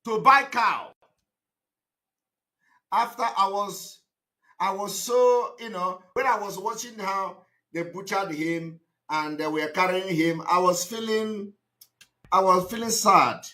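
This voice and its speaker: A man giving a live broadcast monologue, emphatic and repetitive, breaking into shouted outbursts. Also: high voice, takes it slowly, long pauses. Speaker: activist broadcaster.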